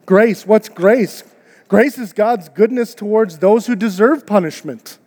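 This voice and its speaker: A high-pitched man delivers an earnest, conversational sermon to his church, asking his listeners one rhetorical question after another. His voice rings out with a long reverb, as in a large church hall. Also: unhurried, a little mellow. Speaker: pastor. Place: church auditorium.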